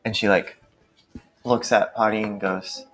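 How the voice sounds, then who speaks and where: A man's voice: on the low side, fairly even intonation, measured pace, a bit bright, soft background music. A man narrating a tabletop game as game master, loose and rambling with many restarts.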